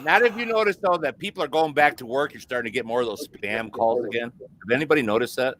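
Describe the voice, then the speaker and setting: A man's voice: medium pitch, fast, fairly bright tone, a little hiss or hum. A man hosting a casual live stream chat, talking in a profane, rambling, heated way. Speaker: host.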